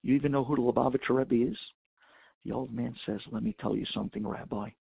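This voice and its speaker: A man's voice: medium pitch, steady tone, fast talker, vocal fry, breathy edge, dry recording, narrow, tinny audio. A man, a rabbi, telling a story in an impassioned sermon and mixing in Hebrew and Yiddish terms, heard over a phone conference line.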